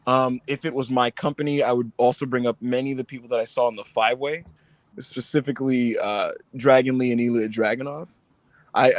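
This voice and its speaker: Animated man joking on a podcast. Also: mid-range voice, no echo. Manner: animated, laughing, mimics people in voices. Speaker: podcast co-host. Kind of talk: casual chat.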